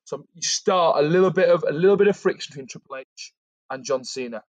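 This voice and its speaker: A man on a podcast tells a long story in an easy, conversational way. He animates the quotes as he goes, and his voice sits slightly high for a man. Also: brisk, no room sound. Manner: animated, acts out quotes while retelling. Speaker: podcast co-host. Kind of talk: casual storytelling about a fantasy wrestling storyline.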